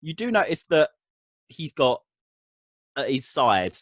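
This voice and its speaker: A man's voice: on the high side, very animated, slow, no room sound. A man narrating as game master of a tabletop game, in a rambling way full of ums and restarts.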